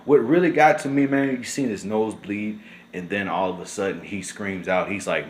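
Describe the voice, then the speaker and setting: A young man, talking to camera in casual, emotional commentary. He is upset and indignant and says "man" again and again. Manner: drawn-out and low when shaken, rises sharply when angry. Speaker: vlogger.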